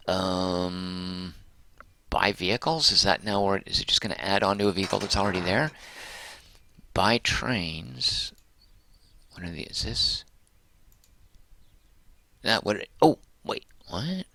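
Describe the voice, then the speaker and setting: A man's voice: sits low, expressive, measured pace, vocal fry, long pauses, bright, forceful tone, no room sound. A man streaming a game, chatting and muttering to himself, mildly exasperated with the controls. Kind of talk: casual game livestream commentary.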